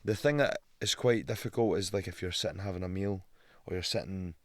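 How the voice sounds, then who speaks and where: A Scottish man in his thirties, a guest on a podcast, telling lively stories in casual chat, swearing freely and acting out the voices of people he meets. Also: sits low, a little fast, no room sound. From Scotland. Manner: animated storyteller, swears a lot, acts out quotes. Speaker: guest, pro fighter.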